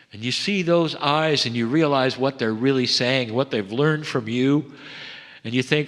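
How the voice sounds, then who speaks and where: A man delivering a channeled spiritual message to a seminar audience, measured and intimate, often sinking to hushed tones. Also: mid-range voice. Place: seminar hall. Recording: long hall reverb.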